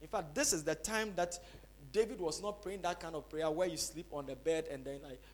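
A man preaching a sermon as pastor, swinging between loud cries and quiet, dropped-voice asides to the congregation. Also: on the high side, a little fast, a little hiss or hum. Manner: preaching with dramatic rises to shouting and drops to soft asides.

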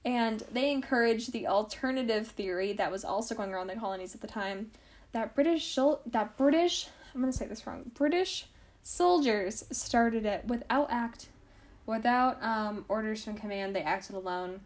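A woman's voice: on the high side, normal speed. A young woman hosting a history podcast, telling the story casually with lots of fillers, wry asides and mock quotes.

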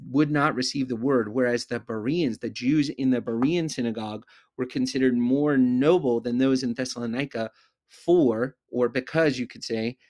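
Deliberate male Bible teacher. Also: medium pitch. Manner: measured, deliberate, slows down to stress key words. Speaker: podcast host teaching the Bible. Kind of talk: expository Bible teaching monologue.

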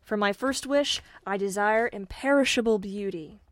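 A woman's voice: mid-range voice, moderate pace, natural voice. A greedy, impatient young farmer from an old fairy tale, as a woman reading the story puts him on. He sounds eager and demanding, pressing hard for riches. The room is dry, with no echo.

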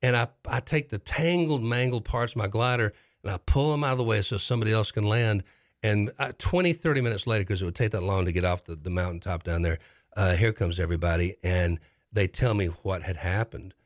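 A man with a lowish voice tells a story in casual conversation. He talks in a halting, rambling way, often restarting his sentences. The sound is dry and close, with no room echo. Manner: animated storyteller.

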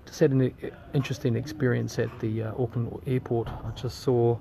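A man with a New Zealand accent giving a casual, earnest video update from an airport terminal, speaking in a halting, indignant way. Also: medium pitch, little pitch movement, creaky. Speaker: campaign leader posting a video update. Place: airport terminal, waiting on a delayed flight. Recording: crowd chatter behind.

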